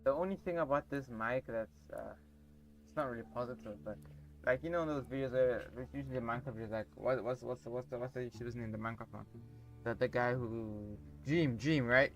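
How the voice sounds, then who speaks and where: A man's voice: medium pitch, a little fast, faint music behind. Young man calling a football video game. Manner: excitable play-by-play, rambling asides. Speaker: gaming YouTuber. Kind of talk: casual gameplay commentary. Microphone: borrowed cheap microphone.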